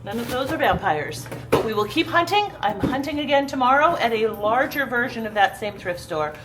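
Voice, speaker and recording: A woman's voice: on the high side, animated, normal speed, very noisy. A woman vlogging at home in a casual, rambling storytelling style, with lots of fillers and restarts. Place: at home, indoors.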